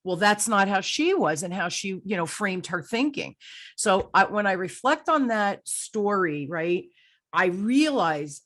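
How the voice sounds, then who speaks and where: A woman's voice: mid-range voice, sing-song, moderate pace, a bit bright. A middle-aged woman hosting an interview show, telling a candid story and acting out her own thoughts. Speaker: podcast host. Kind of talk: conversational interview.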